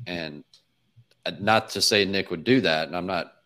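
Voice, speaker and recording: Brief: male podcast host, very low voice, measured and hedging. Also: pushed and bright. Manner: measured, thinking aloud with hedging. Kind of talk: casual podcast chat.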